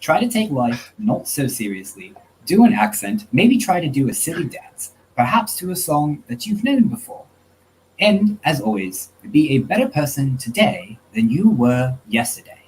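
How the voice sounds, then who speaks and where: A cheery British gentleman, done by a man in a put-on accent, signs off with playful flair. The voice swings up and down. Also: on the high side, big pitch swings, normal speed, a little hiss or hum, rough recording.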